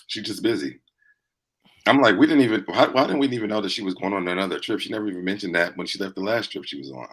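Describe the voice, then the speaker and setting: A man co-hosting a casual reality TV recap in a laid-back way, quick to laugh along. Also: sits low, animated, fairly bright tone, husky. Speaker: recap co-host.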